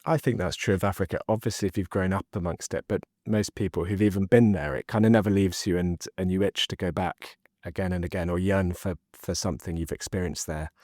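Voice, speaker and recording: A man hosting a podcast, asking measured, slightly halting interview questions. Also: sits low, fairly even intonation, a little mellow, no echo, clean studio sound. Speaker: podcast host.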